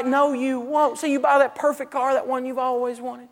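A man's voice: very high-pitched, level tone, moderate pace, fairly bright tone, big-room sound. A man giving a humorous teaching talk, telling stories and acting out everyday people, often stumbling and restarting his sentences. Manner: storytelling, acts out everyday people, frequent stammered restarts. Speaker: seminar speaker.

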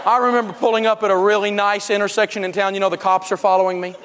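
A man's voice: high-pitched, flat delivery, fast talker, fairly bright tone, slight background noise. A man teaching a live personal finance seminar, telling funny stories and laughing through his jokes as he drives home his points. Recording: long hall reverb.

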